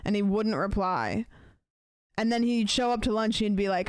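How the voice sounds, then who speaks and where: A woman's voice: medium pitch, normal speed, a little mellow, smooth, no room sound, clean studio sound. A young adult woman streamer in casual chat, rambling and playful and swearing now and then. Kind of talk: casual chat, ranking celebrities' texting habits.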